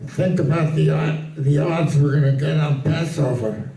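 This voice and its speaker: A man's voice: fairly high pitch, steady tone, moderate pace, dark tone, distant mic, lightly acted. A man voicing a pushy, clever male pet parrot in a joke, sounding wheedling, in an echoey room away from the mic. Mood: scornful.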